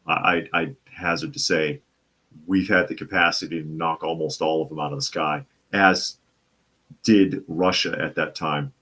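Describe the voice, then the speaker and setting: This Boston-area host works through viewer comments on a live talk show, answering in a conversational, opinionated style while often restarting and repeating phrases. He has a bass voice with fairly even intonation and a sharp tone, speaking at a moderate pace.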